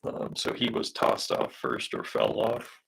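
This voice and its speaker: Hoarse male artist on a live stream, deep and gravelly, rambling, filler-heavy chat. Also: wildly swooping pitch, unhurried, fairly bright tone, low-quality recording. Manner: rambling, hesitant, many fillers, reads out viewer comments. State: losing his voice from smoke. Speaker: comic artist streaming a live drawing session. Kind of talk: casual live-stream chat while drawing.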